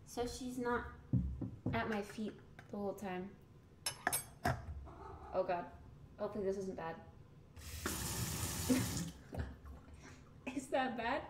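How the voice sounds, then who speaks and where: A woman's voice: medium pitch, drawn-out words, pauses often. A young woman streamer chatting casually and rambling while she cooks, with the mic set away from her in a home kitchen. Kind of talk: casual chat. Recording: roomy echo, faint background hiss.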